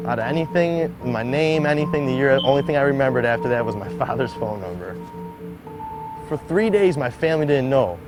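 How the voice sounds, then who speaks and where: A man's voice: medium pitch, lively intonation, a little fast, poor audio. A young man telling a personal story in an interview, peppering it with "like". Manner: heavy use of "like", acts out quoted voices. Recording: interview clip with music underneath.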